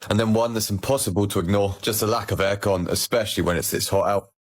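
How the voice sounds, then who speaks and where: A man's voice: on the low side, fairly even intonation. A man from England vlogging matter-of-factly about coming home. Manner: brisk, matter-of-fact. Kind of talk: to-camera observational vlog.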